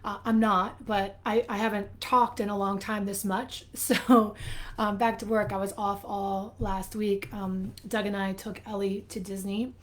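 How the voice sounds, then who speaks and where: A life coach with a mid-range voice hosts a live video, speaking unhurriedly but candidly and animatedly to her viewers and swearing casually. Her voice sounds a little worn, as though she is losing it, and she's captured on a phone or webcam live stream.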